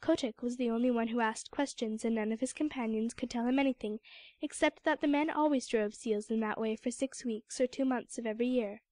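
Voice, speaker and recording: Casting: woman audiobook narrator, fairly high voice, dry close mic, measured storytelling. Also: fairly even intonation, a little mellow, dry recording. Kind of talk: scripted narration.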